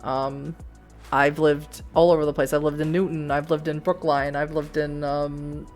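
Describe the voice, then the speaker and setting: A woman's voice: deep voice, little pitch movement, normal speed, a little mellow, soft background music. A middle-aged woman from the Boston area with a faint Boston accent, chatting and rambling to viewers while playing a story game. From Boston area, USA. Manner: chatty, rambling, frequent restarts and laughs. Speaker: streamer playing a narrative game. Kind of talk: let's play, reading aloud and chatting with viewers.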